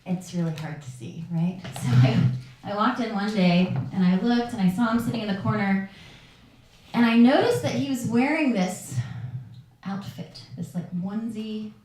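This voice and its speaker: A woman's voice: mid-range voice, moderate pace, darkish tone. A woman telling a personal story live on stage, candid and darkly funny. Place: live performance venue. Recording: very echoey room from far off.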